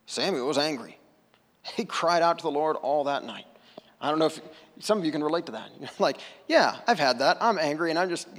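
Laid-back guy preaching in church, kinda higher voice, big echoey hall sound. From United States. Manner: casual, conversational, self-deprecating asides. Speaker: pastor. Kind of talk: sermon. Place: church sanctuary. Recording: long hall reverb.

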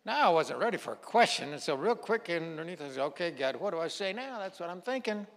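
A man's voice: a little high, sing-song, fast talker. A man preaching as a guest pastor, telling a story in a folksy way and acting out the dialogue. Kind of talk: sermon storytelling. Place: church sanctuary. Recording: long hall reverb.

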